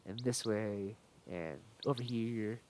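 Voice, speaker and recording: A man's voice: fairly low pitch, slow pace, darkish tone, a little hiss or hum. A young man chatting casually through a game live stream, rambling and playful, reading the game's dialogue aloud.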